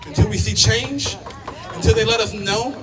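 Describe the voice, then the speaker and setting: A man's voice: sits high, normal speed, a crowd in the background. A man giving a rally speech at a protest, building his points through rhythmic repetition. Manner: rhythmic, repeating oratory. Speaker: protest speaker. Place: outdoor street protest. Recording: distant mic, loud street noise.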